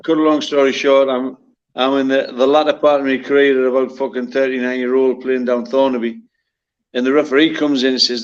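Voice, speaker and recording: A man's voice: mid-range voice, level tone, brisk. A man, a former footballer telling blunt, profane stories in casual chat. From North East England. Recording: slightly muffled lo-fi sound.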